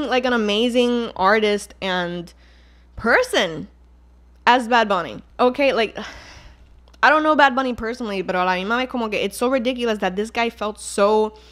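A woman's voice: mid-range voice, fairly bright tone. A young Puerto Rican woman with a Puerto Rican accent, hosting a casual solo podcast in a heated, exasperated tone, swearing and mixing Spanish into her English. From Puerto Rico. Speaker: podcast host.

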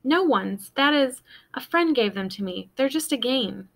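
A woman's voice: high voice, expressive, unhurried, vocal fry, voice pushed up, full character voice. A woman voicing an earnest young boy who defends his secret.

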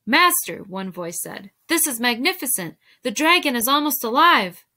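A woman's voice: medium pitch, animated, normal speed, bright, forceful tone. A woman reading aloud as a timid young male apprentice, deferential and eager.

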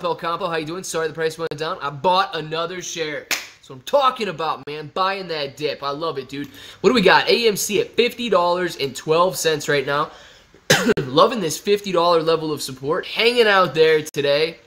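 A man's voice: a little high, expressive, moderate pace, a bit bright. A young man hosting a casual live stream, reading viewer comments aloud and joking back, calling everyone man and bro.

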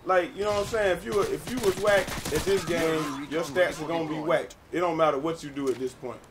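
A young man giving casual, profane gameplay commentary with a friend, excitable and breaking into sudden yells. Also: fairly high pitch, fairly quick, crowd noise. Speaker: gamer playing with a friend. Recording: game gunfire and explosions loud behind voice.

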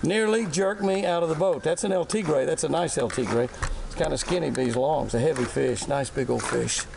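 A man's voice: on the high side, fairly quick, vocal fry, background noise. Folksy older man hosting a fishing show. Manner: folksy, chatty, laughs often, exclaims loudly at fish. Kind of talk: excited on-the-water commentary. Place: outdoors on a fishing boat.

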